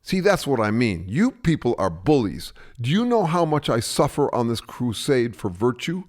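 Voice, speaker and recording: A man playing a smug, hypocritical bully who brushes off every charge and turns it back on the other person. His pitch swings widely as he blusters and lectures, sure he is always right. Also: sing-song, normal speed, lightly acted. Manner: blustering, dismissive, self-righteous. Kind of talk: satirical two-man sketch dialogue.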